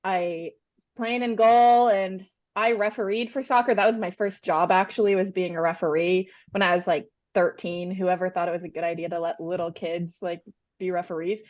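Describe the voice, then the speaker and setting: Young woman telling lively stories, lo-fi. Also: lowish voice, moderate pace. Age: young adult. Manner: animated, fills with "like". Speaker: podcast guest. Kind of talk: casual storytelling chat. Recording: dull lo-fi sound.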